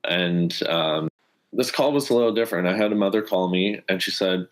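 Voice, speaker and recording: In a relaxed interview, a Canadian former pro hockey player, likely in his thirties, tells a personal story at a moderate pace. His voice is slightly low, and he's earnest and animated, briefly acting out the dialogue of the people involved.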